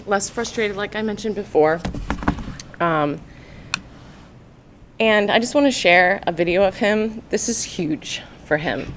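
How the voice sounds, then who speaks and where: A woman addresses a county board as a parent giving testimony. She sounds nervous and halting, with plenty of fillers, and her voice sits at an everyday middle pitch. A faint low rumble runs underneath. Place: public meeting room.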